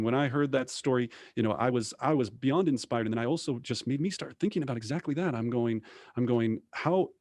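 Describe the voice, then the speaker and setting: A man hosts an interview conversation, eager and rambling, stumbling over repeated words before he gets to his questions. His voice sits at an ordinary pitch, and the sound is close and dry, with no room echo. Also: darkish tone. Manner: enthusiastic, rambling with many restarts. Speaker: podcast host.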